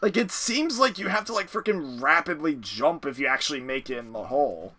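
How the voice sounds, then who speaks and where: A man chatting over his gameplay in a bright, lively voice that swings up and down, with faint game music underneath. He curses and yells at the game when things go wrong. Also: fairly high pitch, a little fast. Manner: swears and shouts at the game in frustration. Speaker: streamer playing a game. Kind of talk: casual gaming chat with friends.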